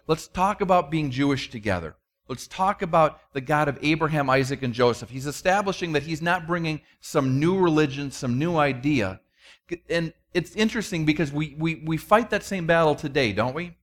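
Male pastor, casual sermon delivery, voice a bit on the high side, self-deprecating asides. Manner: conversational, self-deprecating, many restarts, acts out quotes.

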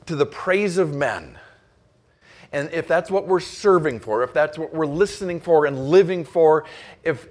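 A middle-aged man delivering a sermon from the pulpit. He tells stories earnestly, often restarting a phrase and rising for emphasis. His voice sits a little high for a man. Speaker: pastor.

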